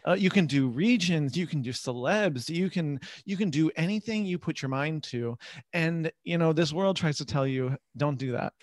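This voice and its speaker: A man's voice: on the high side, animated, normal speed, no echo. A man co-hosting a podcast, teasing his friend in casual, playful banter. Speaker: podcast co-host.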